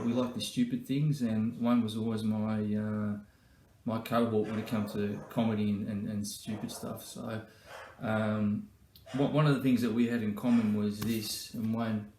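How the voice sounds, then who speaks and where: A man's voice: on the low side, darkish tone, slight background noise. Man in a roomy echo. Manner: joking, anecdotal, with fillers. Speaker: former colleague. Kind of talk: comic storytelling tribute.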